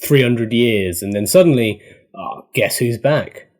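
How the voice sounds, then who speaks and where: A laid-back man jokes his way through casual podcast chat. His voice sits at an ordinary mid pitch. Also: unhurried, crowd noise. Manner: laid-back, joking storyteller. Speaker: podcast co-host.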